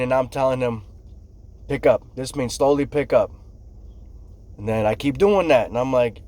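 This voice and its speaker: Profane, animated man telling work stories. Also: medium pitch. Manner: profane, animated storyteller, acts out shouts and quotes. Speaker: construction worker telling stories. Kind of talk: casual storytelling monologue.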